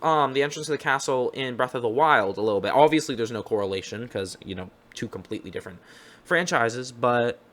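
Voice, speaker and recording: A man's voice: a little high, pushed and bright. A young man giving casual, upbeat reaction commentary as a video host, rambling and correcting himself as he goes.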